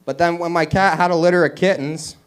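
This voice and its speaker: Deadpan young comedian with smooth voice. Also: male voice, fairly high pitch, fairly quick. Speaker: stand-up comedian. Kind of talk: deadpan one-liner stand-up. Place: small comedy venue with audience.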